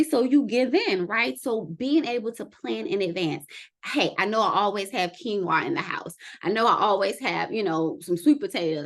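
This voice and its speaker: A woman vlogger giving casual wellness advice to camera, chatty and lively, often checking in with "right?". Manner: conversational, often ends with "right?"; lively, quick swings in pitch and loudness.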